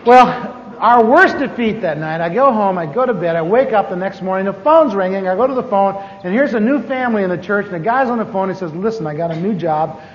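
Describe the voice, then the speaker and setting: A pastor with a high-pitched voice preaches in a self-mocking, humorous storytelling way. His voice rings out with a long reverb through a large hall. The recording is dull and lo-fi, with a faint hiss underneath. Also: lively intonation, a little fast, hardly any pauses. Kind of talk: storytelling sermon.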